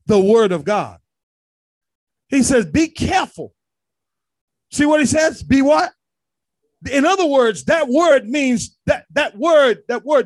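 A male pastor preaching a sermon, calling out to the congregation and rising to shouts. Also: very high voice, no echo.

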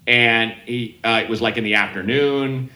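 A man's voice: medium pitch, normal speed, bright, forceful tone, reverberant. A man in casual chat, telling rambling stories with many restarts and acted-out quotes.

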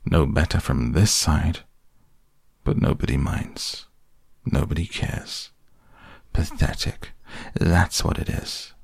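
A man's voice: rumbling low, slow, creaky, pauses often, darkish tone, husky, no echo, heavily acted. A man voicing a gloomy, self-pitying old grey male donkey in a storybook reading.

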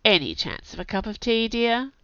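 A woman with a cold voicing a stern, poised older witch who speaks in a brisk, businesslike way. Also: fairly high pitch, animated, bright, forceful tone, no room sound, pitched above the performer's own voice. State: has a cold. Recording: dull, dry audio.

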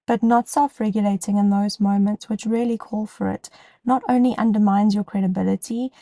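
Gravelly-voiced woman podcast host. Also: medium pitch, steady tone, a little fast, dark tone, no room sound. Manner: encouraging, direct, talks straight to listeners. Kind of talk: solo podcast talk.

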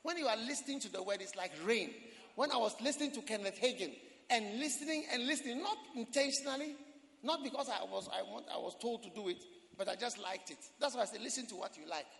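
A man preaching a sermon as pastor, quoting scripture and breaking into dramatic shouts. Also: sits high, quick pace, vocal fry. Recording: long hall reverb.

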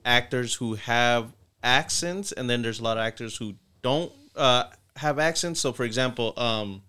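A man co-hosting a podcast, thinking out loud in a rambling way with lots of "like" and "you know". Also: medium pitch, normal speed, smooth. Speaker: podcast co-host. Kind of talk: casual podcast chat.

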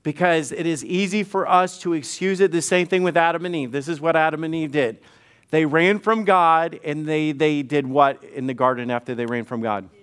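A man's voice: on the high side, normal speed, fairly bright tone, clean tone. A middle-aged male pastor preaching conversationally, often repeating words and acting out quoted dialogue. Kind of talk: sermon.

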